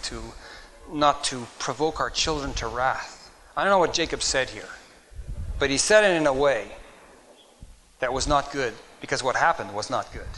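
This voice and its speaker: A middle-aged man preaching a sermon, his voice bright and forceful at an ordinary male pitch. He reads archaic scripture aloud, then comments earnestly in his own words, often restarting his phrases. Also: a little hiss or hum, poor audio. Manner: earnest, reads in King James wording then speaks off the cuff with repeated words.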